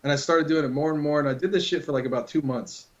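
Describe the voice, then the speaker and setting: A man with a slightly raised voice rambles through a story in relaxed, profane chat. The sound is dull and lo-fi, with muffled top end. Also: on the high side, fast. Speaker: podcast co-host telling a prank story. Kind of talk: casual chat. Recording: dull lo-fi recording.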